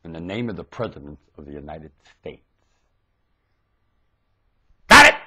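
A man ranting erratically into a webcam at home, swinging from shouting to low muttering. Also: huge pitch swings, a little slow. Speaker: vlogger. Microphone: webcam mic.

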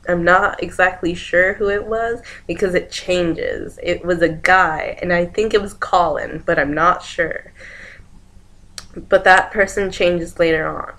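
A young woman vlogger casually retells a dream in a loose, rambling way, linking each event with "and then" and acting out the lines of the people in it. Her voice is a little low for a woman and a bit bright.

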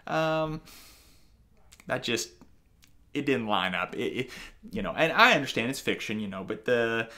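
A man's voice: medium pitch, expressive, measured pace, pauses often, sharp tone. A man giving a casual spoken review of an audiobook, talking in a loose, conversational way with frequent fillers and restarts. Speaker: book reviewer.

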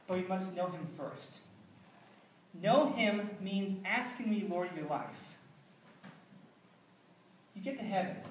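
A man's voice: high voice, slight background noise. A man pastor delivering a sermon in an earnest, conversational way, with dry asides. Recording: roomy, distant mic, faint ambience.

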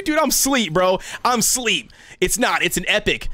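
A young man streaming a mobile game, reacting with loud hype and saying "dude" and "bro" constantly. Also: high voice, expressive, normal speed, dry recording. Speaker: gaming streamer. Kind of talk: excited livestream gacha reaction.

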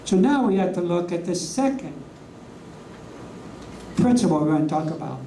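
A preacher teaching a class from slides, leaning on slow, emphatic words and rhetorical questions. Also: mid-range voice, very animated, warm tone. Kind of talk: sermon with slides. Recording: echoey room, voice from a distance, faint hum.

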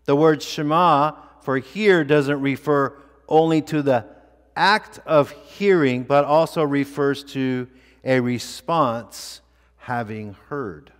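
A male pastor preaching a sermon in a church, with deliberate, emphatic delivery and repeated phrases for weight. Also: mid-range voice, in a large hall. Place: church sanctuary.

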